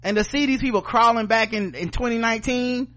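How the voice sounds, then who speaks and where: Reading news aloud on the podcast he co-hosts, a Southern-accented man rants sarcastically and heatedly, swearing a lot. His very high voice is fairly quick, bright and forceful in this profane opinion piece.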